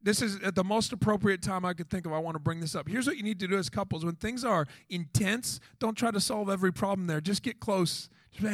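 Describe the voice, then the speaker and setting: A man in his thirties delivering a sermon with a fairly high voice. He jumps between earnest counsel and playful mini-scenes of couples talking, asking the crowd question after question. The recording is dry and close, with little room sound. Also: fast, few pauses, no room sound. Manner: animated, acts out quoted voices, rhetorical questions. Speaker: pastor.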